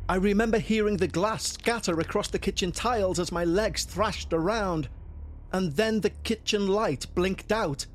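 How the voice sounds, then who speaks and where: A male narrator with a fairly high voice reads a scripted first-person horror story over soft background music. He stays tense and measured, his pitch rising as the tale turns frightening.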